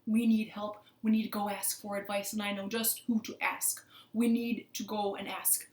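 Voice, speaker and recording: A woman's voice: medium pitch, little pitch movement, moderate pace, lightly acted. A woman voicing a determined little frog who takes charge and speaks firmly and urgently. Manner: firm and urgent. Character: earnest frog leader, determined and bossy. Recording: roomy living room.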